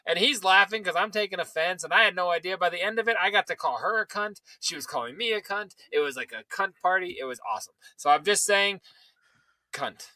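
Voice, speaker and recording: A man with a high, very bright voice chats casually as a podcast co-host. He jokes crudely and tells anecdotes. The recording is dry and close. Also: brisk, no echo. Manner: joking, crude, tells stories. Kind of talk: casual chat.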